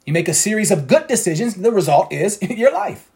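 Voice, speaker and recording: A man's voice: sits high, very animated, a little fast, darkish tone. A man coaching traders in a motivational talk, preachy and repeating his points for emphasis. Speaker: trading coach.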